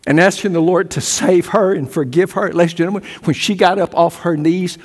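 An older male pastor preaching a sermon, swinging from loud emphatic peaks to hushed low storytelling. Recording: long hall reverb.

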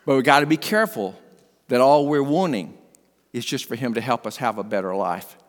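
An older man, a pastor, preaching an earnest sermon that swings between emphatic and hushed. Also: mid-range voice, a little fast. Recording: long hall reverb.

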